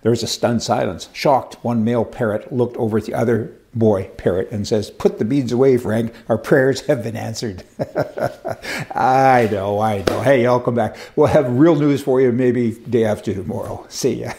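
A man from Canada delivering casual political commentary on his own show. His voice is mellow and mid-pitched, and he drops dry, sardonic asides as he talks. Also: moderate pace.

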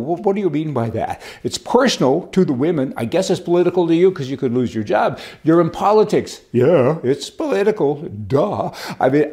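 A man's voice: fairly high pitch, dark tone. An older man giving rambling, folksy political commentary as host, with chuckling asides.

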